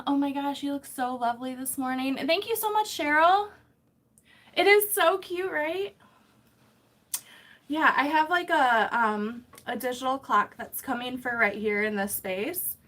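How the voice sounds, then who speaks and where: A woman's voice: high-pitched, measured pace, a bit bright. Chatty woman greeting live-stream viewers. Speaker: YouTuber hosting a live stream. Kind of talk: casual live-stream chat. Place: home room, camera set far away.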